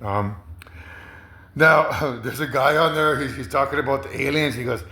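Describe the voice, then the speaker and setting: With a medium pitch and sharp tone at normal speed, this commentator stumbles through a rambling monologue full of fillers, repetitions and chuckles, recorded with a roomy echo.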